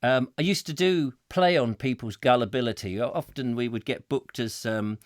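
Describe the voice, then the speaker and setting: A middle-aged man hosting a comic live chat show, telling stories with lively acted-out voices. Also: medium pitch, moderate pace, no room sound, studio quality. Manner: lively storytelling, acting out voices with laughs. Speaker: host.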